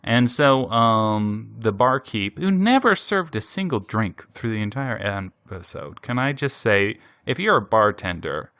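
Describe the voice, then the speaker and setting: A man hosting a podcast, casually recapping an anime episode in an animated way, laughing often and using many fillers. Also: on the low side, measured pace, hardly any pauses, no room sound, studio quality. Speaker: podcast host.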